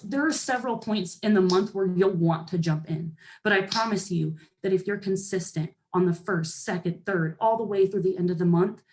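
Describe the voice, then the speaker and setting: A young woman giving a lively pep talk to her team, sassy and animated, often acting out other people's voices. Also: on the low side. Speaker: motivational speaker to a sales team.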